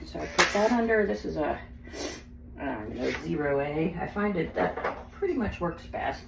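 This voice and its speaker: A woman dog groomer talks casually to the camera while she works, her pitch leaping into sing-song baby talk for the dog. Electric clippers buzz clearly behind her voice. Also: sing-song, normal speed, noisy background. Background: electric clippers buzzing.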